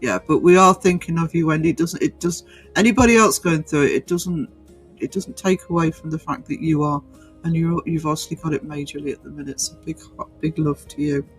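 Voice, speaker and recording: A man's voice: fairly high pitch, fairly quick, husky, faint music behind, low-quality recording. A man hosting a livestream, chatting casually through viewer comments with many fillers and restarts. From North East England. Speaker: livestream host.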